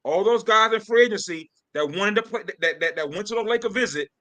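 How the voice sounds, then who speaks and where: A man's voice: sits high, a little fast. A man co-hosting a sports podcast, arguing emphatically and repeating his points in a heated debate. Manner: emphatic, repetitive, animated trash talk. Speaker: podcast co-host.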